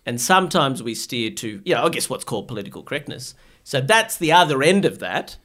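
Thoughtful middle-aged man, lively pitch. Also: a little fast. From Bangladesh. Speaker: guest psychiatrist. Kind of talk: casual chat.

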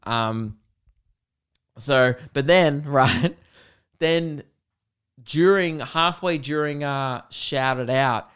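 A man's voice: mid-range voice, very slow, long pauses, a bit bright, clear, resonant tone. A young man hosting a solo podcast, telling stories in a rambling, casual way with lots of fillers and swearing. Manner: rambling, chatty storytelling with frequent fillers and swearing. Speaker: podcast host.

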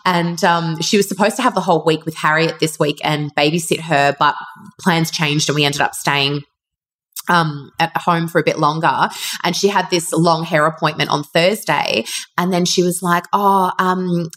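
Woman co-host, 30s, low-pitched, heartfelt casual chat with frequent laughter. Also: steady tone, moderate pace. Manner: warm, heartfelt, laughs often. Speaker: podcast co-host.

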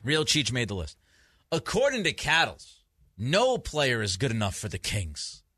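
A man's voice: medium pitch, huge pitch swings, measured pace, bright, forceful tone, slightly rough, dry recording. A man hosting a sports talk radio show, emphatic and grumpy from too little sleep, often restarting his sentences. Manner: emphatic, repeats himself in restarts.

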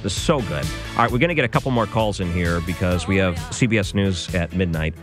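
A man's voice: deep voice, fast talker, music in the background. A man hosting a late-night call-in radio show, easygoing and playful with his co-host.

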